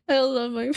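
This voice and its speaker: A young woman chats on stream in a slightly high voice, taking her time with her words. She giggles and squeals as she gushes. The sound is dry and close, with no room around it. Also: no echo. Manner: giggly, squealing, gushing with excitement. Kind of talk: casual stream chat.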